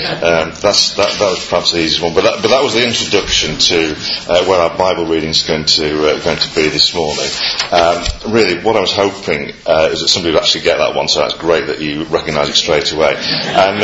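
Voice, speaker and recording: A man preaching to a congregation, hesitant with many fillers and light jokes. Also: sits low. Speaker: guest preacher. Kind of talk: sermon opening with a quiz. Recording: echoey, muffled, congregation audible.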